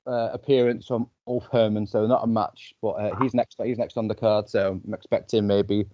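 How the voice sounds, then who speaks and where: A man's voice: fairly low pitch, level tone, moderate pace, mellow, lo-fi sound. A man with a Scouse accent from Liverpool, co-hosting a casual podcast chat in a laid-back way and laughing easily. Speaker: podcast co-host.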